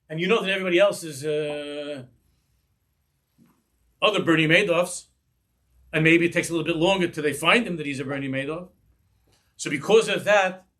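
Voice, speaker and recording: A middle-aged man, a rabbi, giving an animated Torah class, acting out little dialogues and sprinkling in Yiddish and Hebrew words. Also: fairly high pitch.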